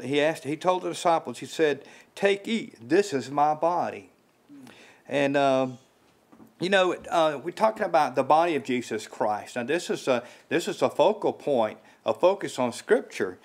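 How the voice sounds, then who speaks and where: Male lay preacher, slightly high-pitched, informal and halting, many fillers, voice rises on emphasis. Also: lively intonation. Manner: rises in pitch when stressing a point. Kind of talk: informal sermon. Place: small house church.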